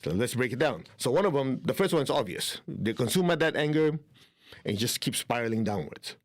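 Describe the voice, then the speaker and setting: A man's voice: medium pitch, lively intonation, normal speed. A man teaching spiritual healing in a conversational way. He often checks in with his listeners and acts out inner dialogue. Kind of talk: instructional talk on spiritual healing.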